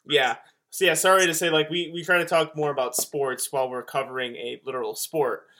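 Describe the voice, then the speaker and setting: A man co-hosting a podcast, chatting casually in a rambling, animated way. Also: fairly high pitch, brisk. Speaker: podcast co-host. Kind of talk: casual chat.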